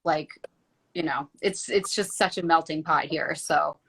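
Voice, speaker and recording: A woman's voice: low voice, unhurried, gravelly, a bit bright, husky. A woman from the United States, a guest in a casual chat, chatty and leaning on "like" a lot. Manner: chatty, leans heavily on "like".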